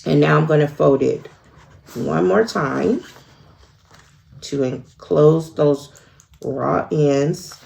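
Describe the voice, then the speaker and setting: Slow, gravelly low-voiced woman teaching sewing. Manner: relaxed, thinking aloud with frequent fillers. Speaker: sewing tutorial host. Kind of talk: casual step-by-step tutorial narration.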